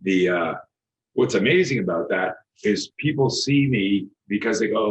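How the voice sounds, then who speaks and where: Middle-aged man, low register, animated guest storyteller acting out dialogue. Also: moderate pace, low-quality recording. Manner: animated, acts out quoted dialogue, frequent restarts, swears. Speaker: guest, self-defense instructor.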